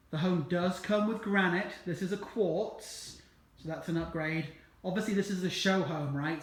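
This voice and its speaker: A man working as a realtor, chatting casually as he walks through a show home and points out its features. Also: sits high. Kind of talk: casual walkthrough home tour. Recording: echoey empty rooms, faint background noise.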